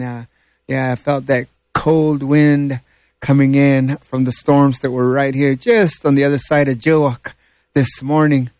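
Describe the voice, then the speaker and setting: A man hosting a morning radio show, introducing country songs and chatting through the weather forecast in a relaxed, rambling way. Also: fairly high pitch, no room sound. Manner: slow, relaxed, rambling with fillers.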